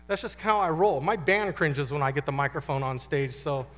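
In a conference hall with long reverb, a guest speaker in his fifties shares his testimony at a men's conference. His voice is a little high, a bit bright, and expressive at normal speed; he speaks in slang and acts out quotes along the way.

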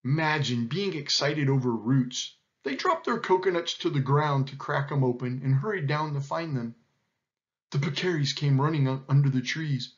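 A man reading a children's animal story aloud in an expressive, animated way. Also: fairly high pitch, normal speed. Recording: dull lo-fi recording.

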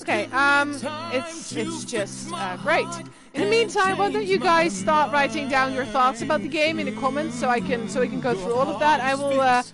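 Flustered young woman streamer, high voice. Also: moderate pace. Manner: flustered, rambling, swears often. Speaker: game streamer. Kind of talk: live gameplay commentary. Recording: game music loud under voice. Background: loud game music.

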